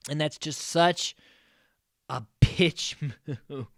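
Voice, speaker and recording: A man hosting a casual podcast, recapping a reality show in an animated, exasperated way and swearing freely. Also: fairly high pitch, extremely slow, creaky, dry recording, studio quality. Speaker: podcast host.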